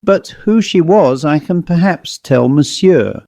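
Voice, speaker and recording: A man's voice: a little high, lively intonation, measured pace, creaky, warm tone, dry recording, pitched above the performer's own voice. Give me a grave French head waiter, insistent, with a dry, close sound, as a male narrator puts him on. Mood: earnest.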